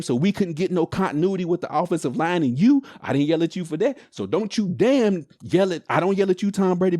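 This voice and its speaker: A man with a somewhat high voice hosts his own sports podcast, talking straight to camera. He rants in an animated, exasperated way, full of slang and rhetorical questions. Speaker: podcast host. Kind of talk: casual sports podcast rant. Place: home, recording a podcast on camera.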